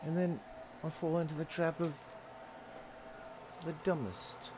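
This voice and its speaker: A man's voice: on the high side, measured pace. A man chatting casually to himself while cooking, drawling and swearing as he goes. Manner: drawling, profane, talks to himself. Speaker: gaming streamer. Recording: dull, noisy home recording.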